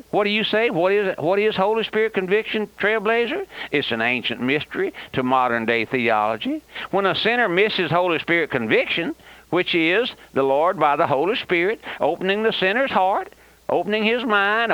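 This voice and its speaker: A man's voice: on the high side, bright, forceful tone, dry recording. Older man, impassioned radio preacher, dry, lo-fi old broadcast. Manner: impassioned, repetitive preaching cadence, folksy asides. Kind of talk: fiery radio sermon.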